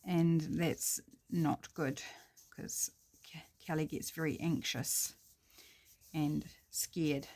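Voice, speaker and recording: Drawing out her words and leaving long pauses, a middle-aged New Zealand crafting vlogger chats casually to her viewers while crafting. Her fairly low voice suits the easy home-video feel as she thinks aloud.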